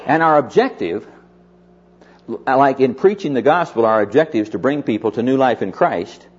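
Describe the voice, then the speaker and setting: Husky guy preaching, folksy stories, slows way down on the big words, kinda muffled old recording. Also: mid-range voice, animated. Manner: folksy storytelling with emphatic slowed phrases. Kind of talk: sermon. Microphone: mic on stand or lapel. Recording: dull lo-fi recording.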